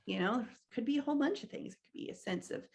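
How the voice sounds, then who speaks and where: A middle-aged woman leading an online training session, earnest and halting, with many restarts and a frequent "right?". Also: fairly high pitch, expressive, vocal fry. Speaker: workshop trainer.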